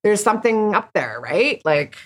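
A woman's voice: medium pitch, sing-song, moderate pace. A woman speaking candidly as an interview guest, bluntly and with frequent restarts. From Canada. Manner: blunt, rambling, many restarts. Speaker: podcast guest.

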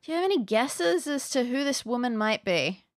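Woman game master, playful narrator, slightly high voice, dry close sound. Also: big pitch swings, normal speed, no room sound. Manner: playful, descriptive, laughs easily. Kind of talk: narrating an interactive adventure game.

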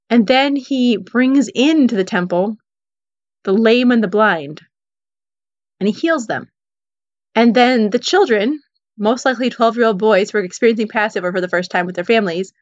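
A woman's voice: a little high, normal speed, dry recording. A woman giving a casual Bible teaching, retelling the story in a conversational way with frequent "you know" and "like". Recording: dull, dry sound.

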